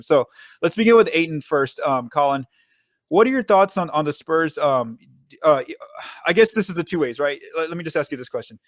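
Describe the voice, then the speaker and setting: Man, podcast host, rapid casual talk, lots of fillers and restarts, dry close sound. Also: medium pitch, dry recording. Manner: fast, filler-heavy, frequent restarts.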